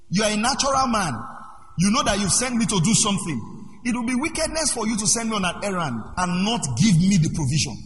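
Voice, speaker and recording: A man preaching a sermon as pastor, moving between quiet asides and loud shouted passages. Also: high voice, slight background noise. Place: church hall. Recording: echoey hall with long reverb.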